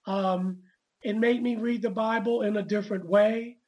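A woman's voice: medium pitch, steady tone, moderate pace, darkish tone, rough recording. A woman author as an interview guest, speaking earnestly with many repeated restarts. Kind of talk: conversational interview.

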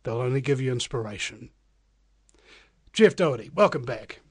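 A man's voice: mid-range voice, lively intonation, normal speed, slightly rough, dry recording. A man hosting a live talk radio show, speaking energetically and emphatically straight to his listeners. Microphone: studio microphone.

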